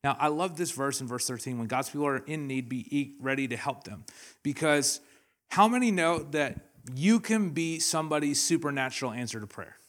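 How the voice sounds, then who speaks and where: Here a young Canadian man, a pastor, preaches in a church hall, storytelling with energy, laughter and acted-out quotes. His voice is medium-pitched and animated, at a moderate pace.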